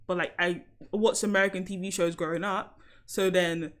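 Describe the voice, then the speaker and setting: A woman's voice: fairly low pitch, fairly even intonation, moderate pace, a bit bright. A young woman from South London with a London accent, chatting casually on a live stream and laughing often. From South London, England.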